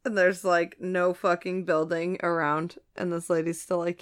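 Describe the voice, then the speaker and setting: A woman's voice: lowish voice, little pitch movement, moderate pace, clean tone. A woman co-hosting a podcast in casual chat, reading a story aloud and joking with laughs and swearing. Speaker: podcast co-host.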